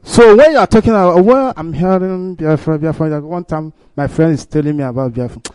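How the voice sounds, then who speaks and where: Brief: Nigerian-accented male caller, mellow low voice, earnest, dry sound. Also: a little fast, smooth, dry recording. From Imo State, Nigeria. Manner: earnest, speaks broken English with emphasis rising.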